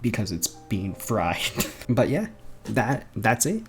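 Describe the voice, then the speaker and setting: A young man rambling excitedly about video games in a casual home vlog, laughing often and swearing casually. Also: lowish voice, slow, a little hiss or hum. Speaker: gaming vlogger. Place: bedroom at home.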